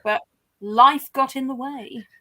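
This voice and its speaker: A woman's voice: high-pitched, takes it slowly, pushed and bright. A woman guest in a casual group chat, joking and playful. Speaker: guest on a reading livestream.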